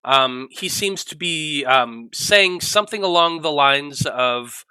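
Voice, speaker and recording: A man narrating as game master of a tabletop role-playing game, halting often with ums and restarts. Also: fairly high pitch, expressive, pushed and bright, clear, resonant tone, dry recording, low-quality recording.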